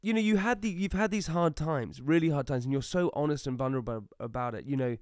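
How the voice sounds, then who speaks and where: Male podcast host, enthusiastic, smooth clear voice, dry close mic. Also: on the high side, fast, no echo. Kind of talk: conversational interview.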